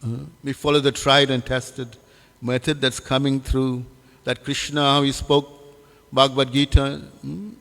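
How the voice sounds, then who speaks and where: A man giving a devotional scripture class, halting with many fillers and putting questions to his listeners. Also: mid-range voice, gravelly, a bit bright. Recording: long hall reverb.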